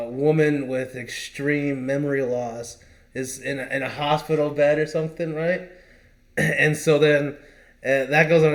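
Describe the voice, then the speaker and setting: A man co-hosting a podcast, telling a long story in a rambling, casual way with lots of fillers. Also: medium pitch. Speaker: podcast co-host. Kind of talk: casual chat.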